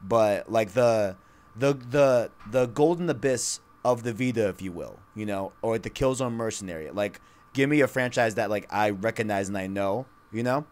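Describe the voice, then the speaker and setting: A man with a somewhat low voice co-hosts a casual gaming podcast. He rambles excitably, piling up "like" and "you know" as he hunts for his point. He speaks into a studio microphone. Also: normal speed. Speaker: podcast co-host.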